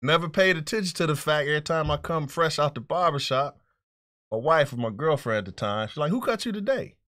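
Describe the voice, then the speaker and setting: A man's voice: a little high, brisk, dry recording, studio quality. A middle-aged man telling a long story on a podcast in casual, profane chat, acting out the voices of the people in it. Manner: animated, profane, acts out voices in his stories. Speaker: podcast co-host.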